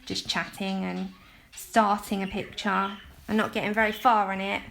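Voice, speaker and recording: A woman's voice: medium pitch, flat delivery, moderate pace, gravelly, fairly bright tone, slight background noise. A woman in her thirties with a London accent, chatting casually and giggling while she colours on a live stream.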